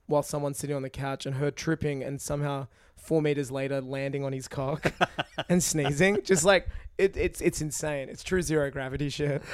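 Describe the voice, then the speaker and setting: A man co-hosting a podcast, chatting casually and excitedly, swearing and laughing. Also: a little high, moderate pace, dry recording, clean studio sound. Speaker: podcast co-host. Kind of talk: casual chat.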